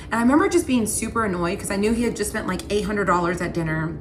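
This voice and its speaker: A young woman telling a personal story in a casual vlog, retelling it with lively quoted voices. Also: medium pitch, fast, hardly any pauses, slight background noise. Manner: animated retelling, quoting both sides in voices. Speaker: storyteller vlogger.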